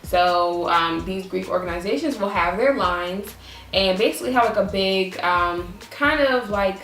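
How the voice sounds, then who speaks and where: A vlogger in her twenties tells an animated, casual storytime full of swearing, and her voice jumps higher whenever she acts out what people said. The sound is reverberant.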